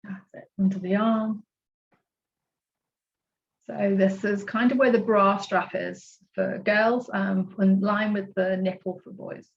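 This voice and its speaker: Gentle woman guiding a tapping class. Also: mid-range voice, fairly even intonation, takes it slowly, creaky, lo-fi sound, a little hiss or hum. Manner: gentle, encouraging, talks through each tapping point. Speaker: self-love coach leading a tapping class. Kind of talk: guided tapping instruction on a video call. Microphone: video call.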